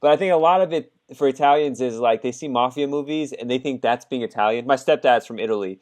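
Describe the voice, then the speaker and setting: A man hosting a podcast interview, asking loose rambling questions in a relaxed way and laughing often. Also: mid-range voice, fast. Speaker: host, immigration lawyer. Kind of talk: casual interview chat.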